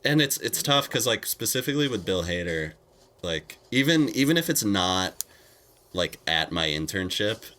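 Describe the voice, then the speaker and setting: A young man co-hosting a podcast, telling a story in animated, hesitant casual chat with many fillers. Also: lowish voice, moderate pace, slight background noise. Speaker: podcast co-host.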